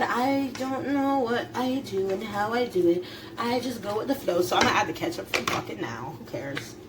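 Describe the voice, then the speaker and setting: A woman's voice: fairly high pitch, a little hiss or hum. A young woman vlogging at home while cooking, chatty and laughing, swearing casually. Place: home kitchen.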